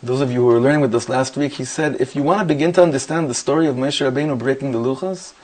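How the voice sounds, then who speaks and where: A middle-aged man, a rabbi, telling lively anecdotes full of quoted dialogue before a Torah class. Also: medium pitch, fast.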